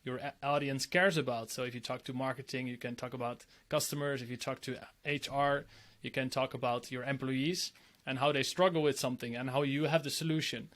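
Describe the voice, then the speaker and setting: Male host, mid-pitch, earnest, restarts often. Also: steady tone, a little fast, a bit bright. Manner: earnest, many restarts and filler. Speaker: podcast host. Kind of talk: conversational interview.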